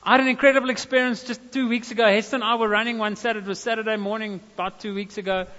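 South African preacher in a reverberant hall. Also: male voice, high voice, level tone, very fast, sharp tone. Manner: storytelling preacher, casual asides and "amen" calls. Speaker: pastor. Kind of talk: sermon. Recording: dull reverberant hall sound.

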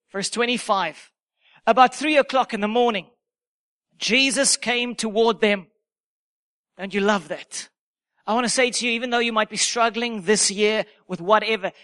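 A male preacher with a strikingly high voice delivers a sermon. His tone is bright and sharp. He hammers home key phrases by repeating them with emphasis.

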